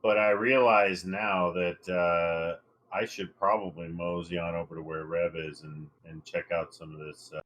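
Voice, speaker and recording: A man's voice: low-pitched, little pitch movement, a little slow, a bit bright, highs cut off. A man playing a tabletop game, speaking in a laid-back, drawling way. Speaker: player. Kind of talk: casual tabletop game chat.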